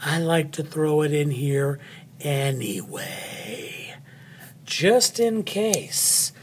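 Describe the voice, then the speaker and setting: A man's voice: on the high side, lively intonation, slow, slight background noise. A man teaching a spelling lesson, upbeat and chatty, with playful asides while he cuts and glues cards. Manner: upbeat, talks while cutting and gluing.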